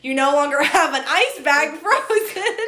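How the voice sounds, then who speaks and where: Chatty twenties woman on a podcast, kinda high voice, lots of laughing and acted-out quotes, echoey room. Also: unhurried. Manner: loud when excited. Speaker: podcast co-host. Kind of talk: casual chat.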